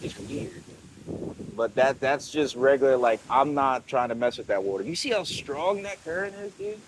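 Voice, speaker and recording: Young male vlogger, easygoing rambling chatter, mid-pitched voice, phone mic with wind noise and crashing surf. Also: expressive, normal speed. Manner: rambling and laid-back, slangy with "bro" and "man". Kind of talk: casual chat to camera. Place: outdoors crouched on a rocky coastline by crashing waves.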